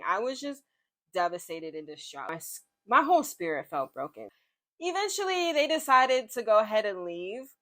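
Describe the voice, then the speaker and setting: A young woman telling a dramatic storytime about work, expressive and full of slang and asides. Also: mid-range voice. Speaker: vlogger telling a workplace story. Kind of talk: animated storytime monologue.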